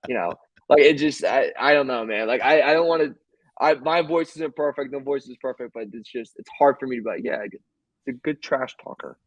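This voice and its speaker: Male podcast co-host, medium pitch, rambling and jokey, dry mic. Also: a little fast, dry recording, dull audio. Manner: rambling, joking storyteller. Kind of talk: casual sports chat.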